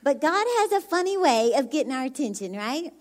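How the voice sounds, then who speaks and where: A Dallas woman with a Texan accent preaches a sermon as a guest speaker, her voice very youthful, almost childlike. She sits high in pitch with big swings and a brisk pace, bubbly and chatty, laughing often.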